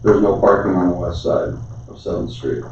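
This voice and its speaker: A plain-spoken man argues his case at a council meeting, his dark, mellow voice heard from across a very echoey chamber. The recording is dull and lo-fi. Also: low-pitched, normal speed, a little hiss or hum. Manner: plain-spoken, explains patiently with filler "I mean". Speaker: council member. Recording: far-off mic, echoey chamber, dull sound.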